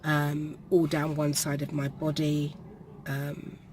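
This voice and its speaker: A woman, telling a personal story to the camera in a halting way, with pauses and restarts, while perspiring. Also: low-pitched, completely flat delivery, a little mellow, a little hiss or hum. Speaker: vlogger. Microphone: camera facing her.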